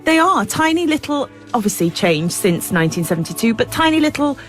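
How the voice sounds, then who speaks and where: A woman producer chats on a radio show in a high, very lively voice. She hesitates and restarts, animated as she talks. Faint music sits under the studio recording. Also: a little fast. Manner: animated, hesitant, laughs easily. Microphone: studio microphone.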